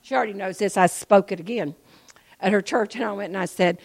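A woman giving an informal church testimony, chatty and animated, moving between quiet asides and loud emphatic preaching. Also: medium pitch, brisk. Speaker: speaker sharing a testimony.

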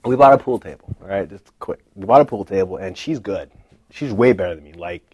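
Lively man sharing a faith testimony. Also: sits low, a little fast, breathy edge, dry recording. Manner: swings from hushed to loud, laughing, self-deprecating storytelling. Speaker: speaker giving a testimony.

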